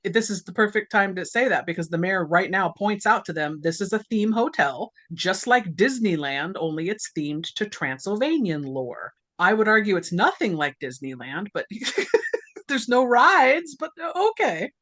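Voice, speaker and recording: Animated, laughing woman podcast host. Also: mid-range voice, normal speed, dry recording. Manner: laughs often, animated storytelling. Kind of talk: casual movie recap chat.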